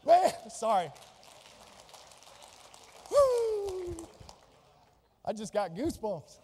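A man's voice: extremely high pitch, moderate pace, a little mellow, long reverb tail, a little hiss or hum. A man preaching a sermon as pastor, fervent and exclamatory, reading and explaining scripture.

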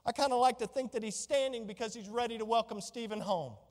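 A woman with a slightly high, darkish voice preaches a sermon at a fast clip, her words trailing into long reverb. She speaks with fervor, stacking rhetorical questions one on top of another.

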